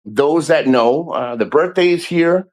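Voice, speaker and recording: A man's voice: fairly high pitch, expressive, takes it slowly. A man chatting casually on his livestream, loose and profane, with plenty of laughter. He rambles and restarts his sentences as he greets viewers and tells stories. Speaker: livestream host.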